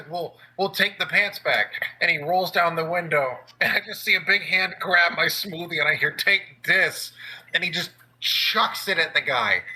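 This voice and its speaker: A man's voice: on the high side, bright, forceful tone, a little hiss or hum, rough recording. A young man telling a story in casual chat, with lots of filler words and laughs along the way. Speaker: podcast co-host.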